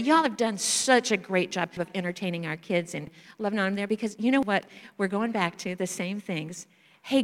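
A woman missionary sharing stories in a church talk, animated and acting out children's voices. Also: medium pitch. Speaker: missionary speaker. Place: church sanctuary. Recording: reverberant church hall.

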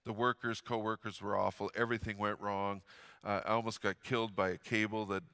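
A middle-aged man delivers a sermon with a bright, ringing voice. He tells stories in an earnest way, pushing hard on key words and then dropping almost to a murmur. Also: lowish voice, level tone, fairly quick. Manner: earnest storytelling, swings from loud emphasis to hushed quiet. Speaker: pastor.

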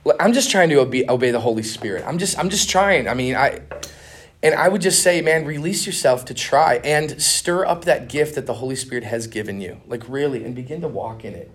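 A man's voice: medium pitch, lively intonation, brisk. A young man giving a conference master class, telling stories in a casual, earnest way with slang and restarts. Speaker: conference speaker. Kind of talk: conference teaching talk.

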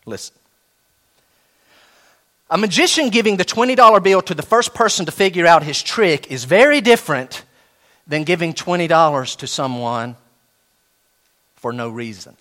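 A man preaching a sermon, animated, with sudden soft drops and slow, emphatic repetition of key phrases. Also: fairly high pitch. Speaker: pastor.

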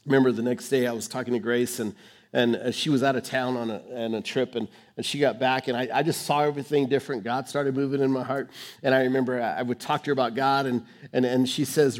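A male pastor preaching a sermon on stage under lights, sharing his testimony with dramatic swings between hushed and emphatic, rushing then slowing for key phrases. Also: mid-range voice. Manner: fast rushed delivery, slowing for key phrases.

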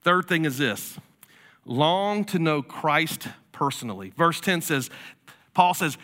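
Male pastor, sermon, conversational storyteller, bright tone. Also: a little high, expressive, slow pace. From South Carolina. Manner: conversational storytelling preacher, casual fillers.

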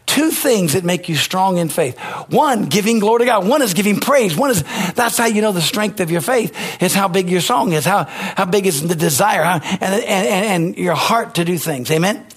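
Husky high-voiced preaching pastor. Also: male voice, expressive, normal speed. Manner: emphatic, call-and-response preaching. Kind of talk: sermon.

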